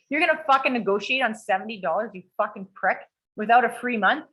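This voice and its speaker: Her voice runs on the high side at a normal speed, captured in a low-quality video call recording. She's a podcast co-host telling a story in relaxed conversation, cursing freely and acting out everyone's dialogue with animation.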